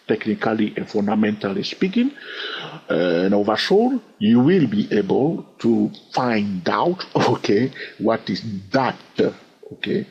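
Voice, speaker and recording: A man teaching trading in an animated way. He often fills pauses with "okay" and "all right" and repeats phrases as he thinks aloud. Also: fairly low pitch, husky, highs cut off. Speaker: trading educator. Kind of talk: instructional talk to camera.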